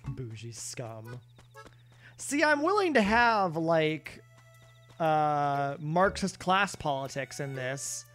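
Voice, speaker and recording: A man's voice: fairly high pitch, animated, takes it slowly, a bit bright, soft background music. Rambling man streaming a game. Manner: rambling, self-deprecating, answers chat. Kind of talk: casual live-stream chat while gaming.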